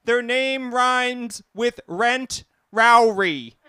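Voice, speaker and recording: High, bright-voiced self-mocking stand-up comic. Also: male voice, clear, resonant tone, no room sound, studio quality. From Portland, Oregon. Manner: self-mocking, exasperated, drawn-out delivery. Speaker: stand-up comedian. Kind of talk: live stand-up set. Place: small cafe stage with live audience.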